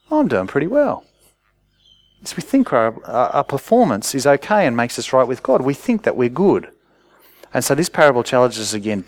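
A man preaching a sermon, telling stories in a conversational way and rising to urgent cries. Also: medium pitch.

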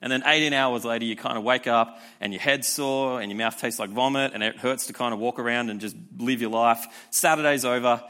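Man, young adult, youth pastor, casual sermon, lively rhetorical asides. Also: mid-range voice, fairly quick, few pauses, clean tone. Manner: energetic and conversational, with rhetorical asides.

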